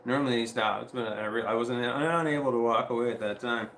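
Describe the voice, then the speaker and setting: A man telling a long story on a casual livestream, rambling and profane, with frequent restarts and quoting others in animated voices. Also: medium pitch, brisk, roomy sound, a little hiss or hum.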